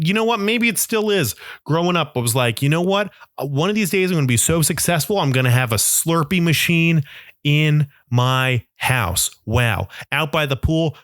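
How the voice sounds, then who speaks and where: A young man hosting a solo podcast, ranting in an animated, mock-outraged way and acting out imagined voices. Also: fairly high pitch, dry recording, studio quality. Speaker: podcast host. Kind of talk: solo comedic rant.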